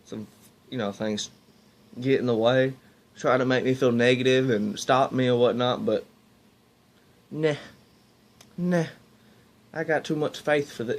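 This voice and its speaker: Talking to camera, a young man casually shares meandering stories with his viewers, calling them "y'all" and restarting as he goes. He has a mid-range voice, with slight background noise.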